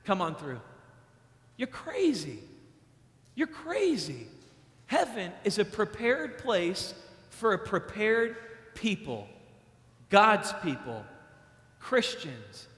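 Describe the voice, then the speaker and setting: Emphatic young preacher in a big hall. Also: male voice, sits high, slow. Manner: emphatic, repeats key lines; acts out stories with bursts of loud excitement. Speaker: youth preacher. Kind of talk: sermon. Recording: long hall reverb.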